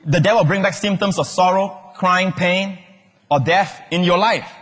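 A man with a Singaporean English accent preaching a sermon, animated and joking, often acting out other people's voices. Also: high-pitched, moderate pace. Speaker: pastor. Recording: echoey hall with long reverb.

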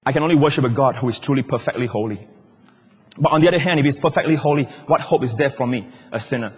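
A male pastor preaching a sermon in a large church hall, emphatic and shouting at the high points, with wide swings in pitch. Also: fast, breathy edge. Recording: long church-hall reverb.

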